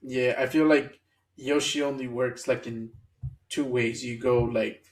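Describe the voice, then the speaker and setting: Unhurried male podcast co-host. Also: medium pitch, steady tone. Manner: laid-back, laughs often. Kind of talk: casual chat.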